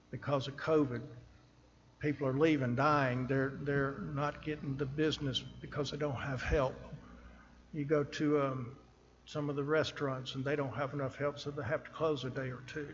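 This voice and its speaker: A man preaching a sermon from a church pulpit, speaking slowly and earnestly and pressing hard on the scripture he reads. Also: medium pitch, flat delivery, in a large hall, dull audio, slight background noise. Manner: earnest, slow and emphatic, rising on scripture.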